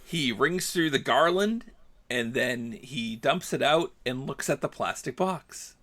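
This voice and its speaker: A man's voice: medium pitch, takes it slowly. A man on a podcast, casually telling a story and acting out the dialogue with rising animation. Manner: animated, acts out dialogue, gets heated. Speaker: podcast host.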